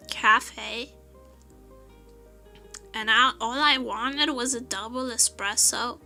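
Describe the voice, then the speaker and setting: High bright-voiced young woman streamer. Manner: laughs often, animated storytelling. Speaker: vtuber streamer. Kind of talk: casual chat.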